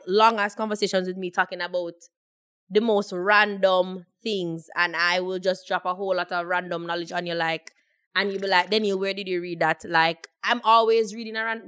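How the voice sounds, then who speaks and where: A woman's voice: on the low side, sharp tone, clear, resonant tone, no room sound. A young woman co-hosting a podcast, explaining her views at length in a reflective, casual way. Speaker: podcast co-host. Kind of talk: casual chat.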